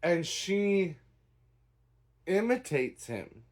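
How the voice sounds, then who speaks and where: A man's voice: high voice, sing-song, very slow, a little mellow. Rambling, unimpressed man reviewing a play. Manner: rambling, hedging, dry and unimpressed. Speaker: theatre reviewer. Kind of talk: casual spoken review.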